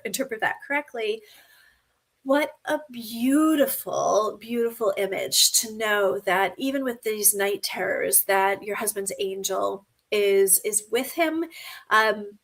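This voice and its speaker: A woman hosting a live stream, reading viewer comments and giving gentle spiritual guidance with frequent ums and "right?". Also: medium pitch. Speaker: host.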